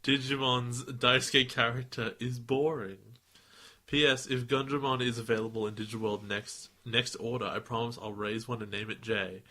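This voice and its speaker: Bright-voiced man co-hosting, laughing often. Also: fairly low pitch, fairly even intonation, fairly quick, few pauses. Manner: laughs often, breaks into silly put-on accents. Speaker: podcast co-host. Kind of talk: casual chat reading listener mail.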